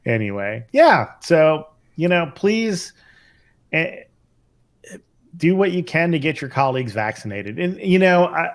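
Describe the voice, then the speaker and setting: A man's voice: on the high side, very animated, a little slow. Middle-aged male physician co-host; casual, thoughtful delivery with frequent fillers and restarts. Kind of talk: casual podcast chat.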